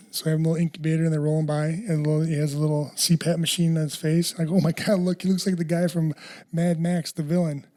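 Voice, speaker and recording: A man's voice: fairly high pitch, dark tone. A man hosting a casual podcast chat, telling a rambling story with lots of restarts and casual swearing. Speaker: podcast host.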